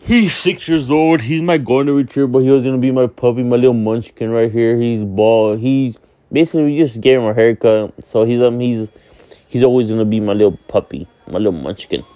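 A man's voice: mid-range voice, brisk, mellow, dry recording. A man in his twenties from Miami talks casually on his vlog, rambling and candid, with many fillers and free swearing. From Miami, Florida. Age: 20s. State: sleepy, yawning. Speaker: vlog host. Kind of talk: casual monologue.

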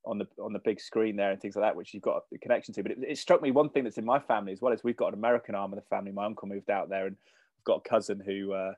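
A man hosting a podcast, asking questions in a quick, animated way and often repeating words as he starts. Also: lowish voice, no room sound, lo-fi sound. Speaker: podcast host. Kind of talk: casual interview.

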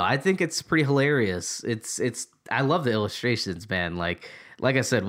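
A man hosting a film podcast in casual chat, excitable and loose, with mild swearing. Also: lowish voice. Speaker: podcast host.

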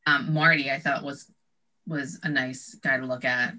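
A woman co-hosting a casual chat, enthusiastic and giggly, pausing often with "um". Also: very deep voice, fairly even intonation, pushed and bright, low-quality recording. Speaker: podcast co-host.

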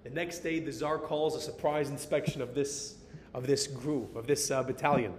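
An American man telling a story in a sermon as a Torah teacher, animated and dropping in Hebrew and Yiddish words. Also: normal speed. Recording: reverberant hall with faint rumble.

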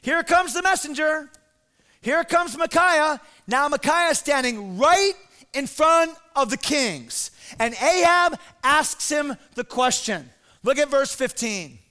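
A male pastor preaches with lively drama and a conversational touch. His voice sits very high for a man and rings bright and forceful. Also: slow. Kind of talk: sermon.

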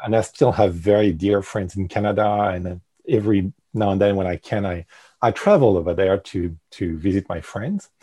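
Hesitant French man, low husky voice. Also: moderate pace, dark tone. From France. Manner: hesitant, frequent ums and restarts. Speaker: guest, industrial designer. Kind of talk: podcast interview.

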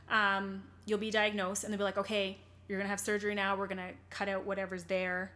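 A woman's voice: medium pitch, fairly bright tone. A young woman sits as an interview guest and tells her own story with open candor. She sounds earnest and rambles, restarting her sentences and leaning on small fillers as she talks her way through. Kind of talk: candid personal storytelling in conversation.

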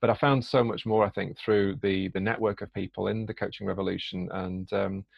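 Gravelly low man, dull dry audio. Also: little pitch movement, brisk, no echo. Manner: hesitant, many fillers and restarts. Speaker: podcast guest, coach. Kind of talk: conversational podcast interview.

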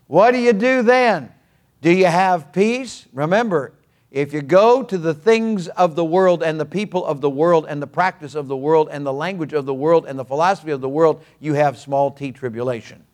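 A man's voice: a little high, normal speed, a little mellow. An older man preaching a sermon in a folksy, earnest way, with humorous asides. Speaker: pastor.

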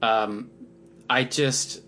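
A man's voice: mid-range voice, steady tone, drawn-out words, pushed and bright, soft background music. A man co-hosting a podcast, chatting casually and rambling, often laughing. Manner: rambling, laughs a lot, many fillers. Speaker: podcast co-host. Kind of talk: casual chat. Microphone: headphones on, studio mic.

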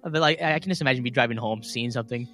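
A man's voice: mid-range voice, rapid-fire, bright, forceful tone. A young man with a West Virginian accent, co-hosting a podcast, chatting casually and laughing often as he reads from his notes. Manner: giggly, laughs often while reading. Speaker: podcast co-host presenting cryptid stories. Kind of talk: casual chat, reading notes aloud.

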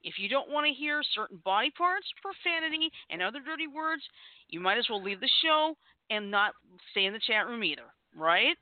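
A playful show host whose pitch swings widely as they chat and joke between topics, laughing often. The sound is thin and tinny, like a phone line, and dry with no room around it. Keep it loose and conversational. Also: very animated, a little fast, dry recording. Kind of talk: casual internet radio show hosting.

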